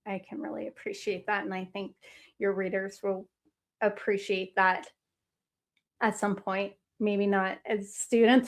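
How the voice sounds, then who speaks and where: A woman's voice: medium pitch, level tone, measured pace. Enthusiastic woman host losing her voice. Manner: enthusiastic, affirming, long winding questions. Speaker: podcast host. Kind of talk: interview.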